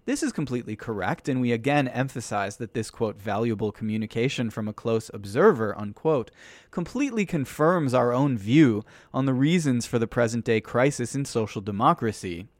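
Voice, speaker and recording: A man hosting a podcast, reading a political text aloud in steady narration and voicing each quotation mark as "quote" and "unquote". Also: mid-range voice, moderate pace, no room sound.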